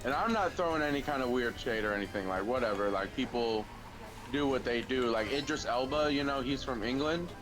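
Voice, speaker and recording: A man's voice: medium pitch, fairly quick, music in the background, low-quality recording. A man on a game stream telling a rambling story, with casual swearing.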